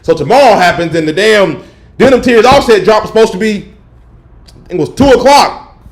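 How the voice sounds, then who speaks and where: A young man hosts a loose livestream podcast and tells stories with profane slang and frequent laughter. His pitch swings widely as he talks, rising high when he gets worked up. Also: normal speed. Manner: animated storyteller, profane slang, laughs often. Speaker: podcast host. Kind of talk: casual solo livestream chat.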